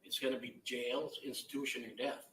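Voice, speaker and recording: A man's voice: medium pitch, little pitch movement, crowd noise. Blunt man in an echoey courtroom. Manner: blunt, halting, emotional. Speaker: victim's relative giving impact statement. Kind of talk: courtroom victim impact statement. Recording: echoey courtroom audio from far off.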